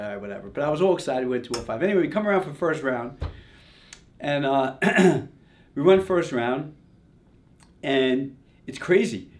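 An older man telling a casual, animated story about his racing days, full of "you know" and "like". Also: a little high. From Long Island, New York. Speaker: retired drag racer telling a story.

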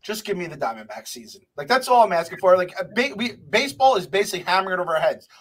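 A high-pitched man races through his words as he hosts a sports podcast. He gets excitable, rambles and swears freely in loose, casual chat. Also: racing. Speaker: podcast host.

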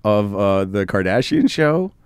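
A man's voice: fairly low pitch, very animated, a little slow, slight background noise. A man hosting a comedy podcast, telling a long story with lots of energy and casual swearing. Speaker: podcast host.

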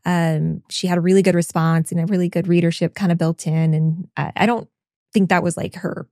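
A woman co-hosting a book podcast in casual chat, enthusiastic and quick to agree. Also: on the low side, steady tone, mellow, no room sound, studio quality. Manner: enthusiastic, frequent agreeing fillers. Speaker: podcast co-host.

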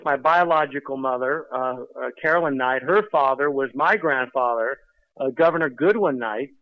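Talkative male guest, slight lisp, higher voice, dull dry speakerphone line. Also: no echo. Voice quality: slight lisp from dental work. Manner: chatty, rambling, running fast on coffee. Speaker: podcast guest. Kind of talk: casual chat over speakerphone.

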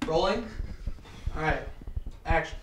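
A young man playing a bossy, exasperated film director who yells orders. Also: fairly high pitch, takes it slowly, over music. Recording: echoey room with faint noise.

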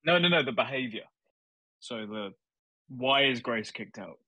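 A man's voice: medium pitch, lively intonation, unhurried, sharp tone, dry recording. A man on a group call, pressing with skeptical questions. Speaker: call participant. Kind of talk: questioning in online group chat.

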